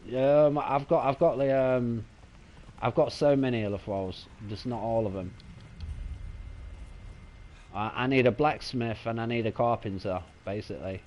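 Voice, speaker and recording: A man giving casual, excitable live commentary while streaming a video game. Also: medium pitch, moderate pace, long pauses, slight background noise.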